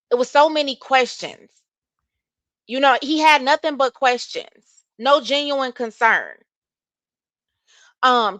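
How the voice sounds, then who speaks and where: Bright-voiced woman hosting livestream commentary. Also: high-pitched, animated, takes it slowly, long pauses, no echo. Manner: reads text messages aloud and reacts with opinion; addresses viewers directly as y'all.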